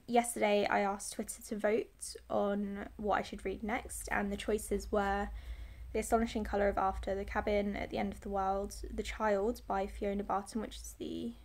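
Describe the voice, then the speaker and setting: A woman's voice: mid-range voice, vocal fry. A young woman chatting casually in a reading vlog about books and her week, with plenty of fillers and asides. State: slightly out of breath after the gym. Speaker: book vlogger.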